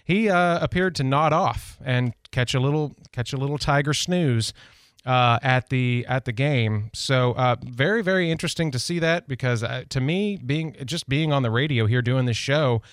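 A man's voice: medium pitch, normal speed, clear, resonant tone, no room sound. A man hosting a local radio talk show in a studio, chatting casually and rambling through personal stories. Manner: chatty, rambling, self-deprecating. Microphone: studio microphone.

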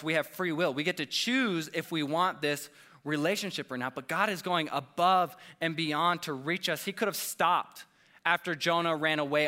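A man's voice: fairly high pitch, sharp tone. Earnest man preaching a casual sermon. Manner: earnest, casual, with frequent "like" and "right?". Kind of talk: conversational sermon.

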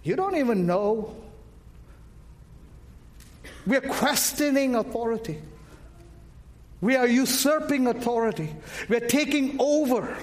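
A man's voice: very high voice, measured pace. A man preaching a sermon with fervor, calling out questions and waiting for the congregation to answer. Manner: impassioned, calls out to the congregation.

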